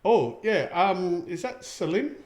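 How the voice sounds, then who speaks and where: A man's voice: high voice, very animated, takes it slowly, a little mellow. A middle-aged Australian man hosting a casual livestream show, rambling and chatty with lots of ums as he reads out viewer comments. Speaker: show host.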